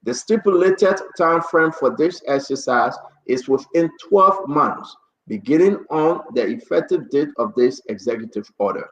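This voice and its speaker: A man hosting a live radio talk show, reading an official order slowly and pleading with guests who interrupt him. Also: fairly high pitch, lively intonation, roomy sound, muffled recording.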